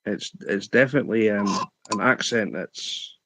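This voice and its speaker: A man's voice: on the low side, moderate pace, noisy background. A man with a Scottish accent chatting casually on a live stream, laid-back, laughing easily and hesitating with fillers.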